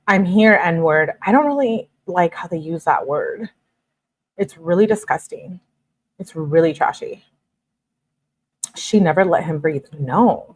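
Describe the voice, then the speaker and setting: A woman's voice: lowish voice, a little mellow, breathy edge. A young adult woman reading text messages aloud in a casual commentary, with blunt asides.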